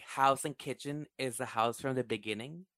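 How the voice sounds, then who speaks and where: A man hosting a casual podcast chat, excitable and swearing freely, with sudden high bursts of laughter. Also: normal speed, no echo. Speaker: podcast host.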